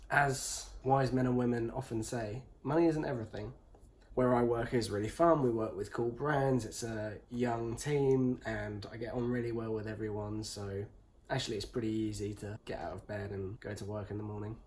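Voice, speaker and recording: A man's voice: medium pitch, steady tone, moderate pace. A young man with an English accent, chatting casually and joking dryly as he answers questions about himself. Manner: dry, joking and teasing. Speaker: interviewee, husband. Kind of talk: casual chat.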